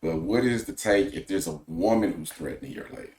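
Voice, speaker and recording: A man hosting a podcast, giving measured, opinionated casual commentary. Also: deep voice, darkish tone, roomy sound. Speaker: podcast host.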